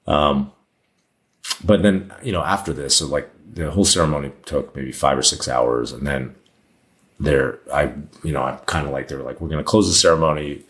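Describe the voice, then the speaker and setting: A man's voice: rumbling low, moderate pace, a bit bright. A man in his thirties, a podcast guest, telling a personal story in a candid, rambling way with many fillers and restarts. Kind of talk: storytelling in casual conversation.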